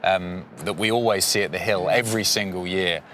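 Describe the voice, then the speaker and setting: A man presenting live coverage, handing over smoothly in a conversational way. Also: low-pitched, steady tone, fairly quick, a bit bright, a little hiss or hum. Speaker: studio presenter.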